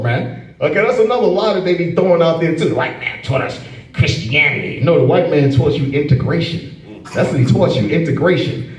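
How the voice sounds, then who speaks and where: A man with a high voice preaches in an echoey room, heard from some distance off the mic. He hammers each point home, tagging lines with "man" and "okay?", and drops mocking asides to his class. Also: a little mellow. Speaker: preacher leading a scripture class. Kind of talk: informal preaching.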